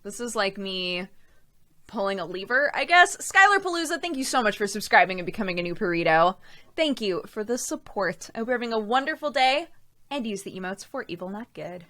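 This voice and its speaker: A woman's voice: mid-range voice, animated, a little fast, bright, forceful tone. A woman hosting a casual live-stream chat show, talking freely, laughing often and thanking viewers from chat. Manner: chatty, laughs often, reads out chat names.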